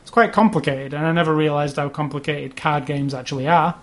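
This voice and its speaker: A man's voice: a little high, steady tone, fairly quick, a bit bright. A man co-hosting a casual chat about video games, rambling along with restarts and fillers. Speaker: podcast co-host.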